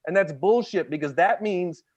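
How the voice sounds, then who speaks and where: A man's voice: high voice, normal speed, highs cut off. A man, a stand-up comedian, telling a funny personal story in casual, jokey chat. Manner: animated, jokey, acts out voices of others.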